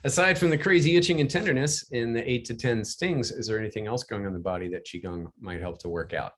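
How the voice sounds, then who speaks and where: A man's voice: medium pitch, quick pace, a bit bright. A man co-hosting a video call, reading out viewer questions in an upbeat, friendly way. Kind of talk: casual moderating on a video call.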